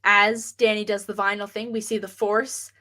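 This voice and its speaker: A woman co-hosting a podcast, chatting excitedly about a horror film. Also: medium pitch, moderate pace. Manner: chatty, excited, fond of fan details. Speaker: podcast co-host. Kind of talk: casual film review chat.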